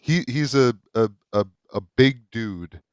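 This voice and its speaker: A man narrating a tabletop game as game master, halting with many fillers. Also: mid-range voice, animated, a little mellow, dry recording.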